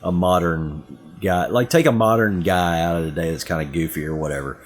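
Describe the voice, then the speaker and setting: A middle-aged man with a Southern US accent chats casually as a podcast co-host. His voice sits very low and sounds husky. He tells rambling, lively stories packed with asides. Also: fairly quick, soft background music. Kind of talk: casual chat.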